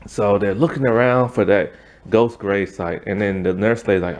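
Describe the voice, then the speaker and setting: A man's voice: lowish voice, moderate pace, darkish tone. A man giving a casual, rambling spoken review of a TV episode, retelling the plot with many fillers.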